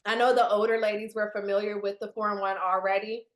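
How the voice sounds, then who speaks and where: A chatty woman runs a business training session over a video call and talks straight to her audience. Her voice sits at a medium pitch. The room around her sounds roomy and echoey. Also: flat delivery, quick pace. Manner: chatty, addresses the audience directly. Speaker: team leader presenting to new distributors.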